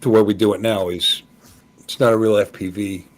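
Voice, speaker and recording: A man with a fairly low, steady voice speaks briskly as host of a casual live hangout show, recorded over a live stream call. He's chatty, greets viewers, and often repeats words while he thinks.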